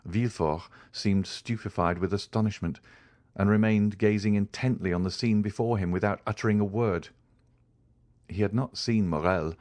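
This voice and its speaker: A man reading a classic novel aloud as an audiobook narrator, in a measured, dramatic way. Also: on the low side, darkish tone, dry recording. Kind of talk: scripted narration.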